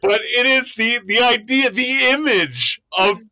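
A man's voice: very high-pitched, unhurried, bright, forceful tone, no room sound. A man co-hosting a casual comedy podcast, sarcastic and full of swearing, with mock-outraged emphasis. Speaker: podcast co-host.

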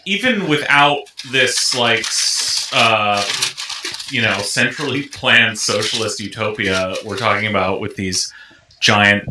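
A man talks in a loose, rambling way, filling pauses with "like" and "you know." He sits away from the mic in an echoey room with clear background hiss. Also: medium pitch, far from the mic. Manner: rambling, many fillers, trailing off. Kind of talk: casual group chat.

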